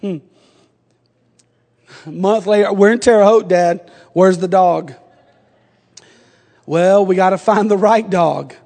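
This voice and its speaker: Middle-aged pastor preaching, really high voice, long church echo around him. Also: male voice, slow pace, long pauses. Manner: swings from quiet storytelling to shouted preaching. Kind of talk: sermon. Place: church sanctuary.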